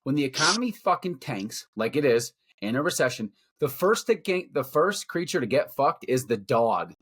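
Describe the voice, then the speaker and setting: A man's voice: medium pitch, sing-song, normal speed, a bit bright, breathy edge. A middle-aged man co-hosting a podcast, ranting bluntly and profanely about his opinions in casual talk. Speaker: podcast co-host. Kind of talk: casual rant.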